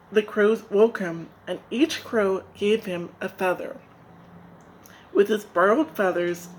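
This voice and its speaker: Woman from Nigeria reading a folk tale, slow and gentle, soft hiss behind. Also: medium pitch, rough recording. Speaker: storyteller. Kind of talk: storybook narration.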